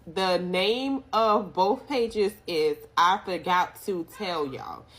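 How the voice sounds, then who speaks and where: A woman telling her own story in a casual, animated way, speaking straight to her viewers. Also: lowish voice, takes it slowly.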